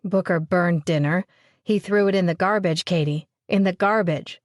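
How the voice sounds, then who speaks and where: A woman voicing a gentle, simple-minded grown man who is childlike and worried, speaking plainly and repeating himself. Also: on the low side, normal speed, no echo, studio quality, close to an everyday voice. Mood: troubled. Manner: plain repetitive speech.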